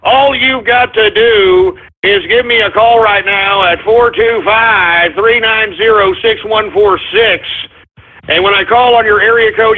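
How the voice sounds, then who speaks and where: Man, radio host, high voice, theatrical, exasperated, tinny lo-fi sound. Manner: theatrical, exasperated, mock-whining. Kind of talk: comedic call-in radio hosting. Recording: tinny lo-fi broadcast.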